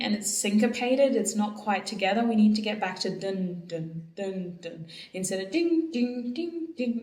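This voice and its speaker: A woman's voice: mid-range voice, a little mellow. A woman giving a casual tarot reading, chatting affectionately and directly to her viewers. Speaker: tarot reader. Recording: echoey room, voice from a distance.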